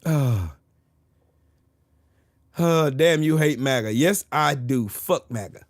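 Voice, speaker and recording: A man's voice: mid-range voice, slow pace, dry recording, studio quality. A man hosting a casual livestream, joking crudely and swearing often. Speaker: livestream host. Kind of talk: casual live-stream chat.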